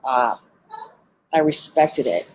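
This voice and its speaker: A woman's voice: extremely low pitch, expressive, takes it slowly, a little mellow, a little hiss or hum, rough recording. A woman animal behavior trainer giving earnest, heartfelt advice in a live-streamed talk, with frequent "um" fillers. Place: animal center, sitting among birds.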